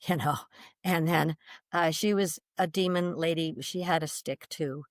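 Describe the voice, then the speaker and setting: A woman guest vividly retelling a personal experience, animated, with restarts and laughs. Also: low voice, a little slow, dry recording, studio quality. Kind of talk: personal storytelling.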